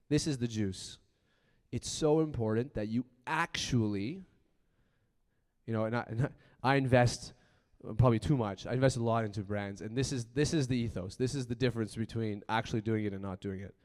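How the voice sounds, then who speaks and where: A man giving a profane, punchy motivational keynote talk, swinging from loud bursts to quiet asides. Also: medium pitch. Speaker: conference speaker. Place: large conference hall. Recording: long hall reverb.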